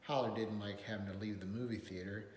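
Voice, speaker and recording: A man reading a picture book aloud in an expressive, lilting way. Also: fairly low pitch, a little fast, slight background noise. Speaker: storyteller. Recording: roomy hall reverb.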